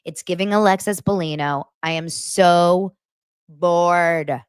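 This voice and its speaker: Speaking slowly in a lowish, clean tone without echo, a woman hosts a casual reality TV gossip podcast captured at studio quality. She's blunt and animated, swearing freely and doing voices when she quotes people.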